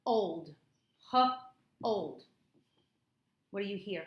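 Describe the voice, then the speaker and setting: A woman tutoring a child in phonics one-on-one, patient and encouraging, repeating words slowly in a classroom. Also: mid-range voice, animated, highs cut off. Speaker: reading tutor. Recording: echoey room, faint noise.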